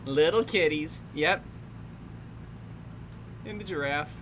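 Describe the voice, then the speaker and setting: Deep-voiced and taking her time, a young woman hosts a film commentary track full of dry, casual remarks. She laughs often and leaves sentences unfinished, and the recording carries faint background noise.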